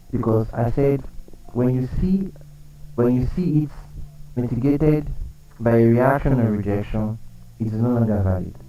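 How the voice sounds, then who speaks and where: A man's voice: medium pitch, mellow, recorded from a distance, rough recording. A man running a live trading lesson, explaining chart setups, repeating key points and quizzing his viewers. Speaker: trading coach.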